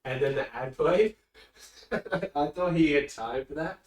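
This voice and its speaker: A man's voice: fairly high pitch, expressive, slow. A man from England chatting casually on a live stream, rambling and easily distracted, often talking away from his desk microphone. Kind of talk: casual chat. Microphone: desk mic, often spoken from a distance. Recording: roomy echo, distant from mic.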